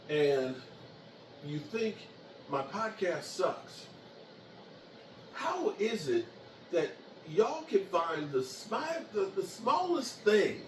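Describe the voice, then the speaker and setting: A man hosting his own podcast, ranting animatedly and taunting rival fans in a loud, fired-up sports rant. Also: a little high, recorded from a distance, noisy background. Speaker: podcast host. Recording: echoey room, voice off-mic, faint ambience.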